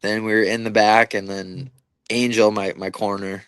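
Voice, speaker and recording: A man's voice: lowish voice, level tone, moderate pace, a bit bright, clean tone, no echo. A young man, an MMA fighter, telling stories in a casual interview with lots of fillers and swearing. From Minnesota, USA. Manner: casual, profane storytelling with many fillers and restarts.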